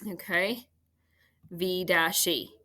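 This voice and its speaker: A woman's voice: fairly low pitch, fairly even intonation, very slow, pushed and bright. A woman teaching a third grade phonics lesson, patiently sounding out words for students at home.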